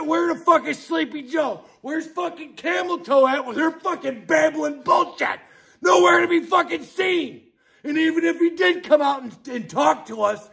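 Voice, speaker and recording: A middle-aged man hosting a podcast, ranting angrily and profanely about politics, dropping from low mutters to outbursts while drinking beer. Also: vocal fry. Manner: angry, profane, swings between muttering and shouting. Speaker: podcast host.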